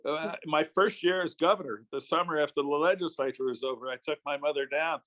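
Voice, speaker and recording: Speaking a little fast in a slightly bright voice on the high side, an older man from New York State, USA, once a politician, shares relaxed stories as a guest in a casual interview.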